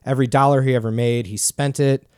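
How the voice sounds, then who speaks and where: A man in a casual podcast chat, mid-pitched, rambling through a story with lots of fillers and swearing. The sound is dry and close. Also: steady tone, fast, a little mellow, clear, resonant tone, dry recording. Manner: rambling, loose, swears often. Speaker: podcast host.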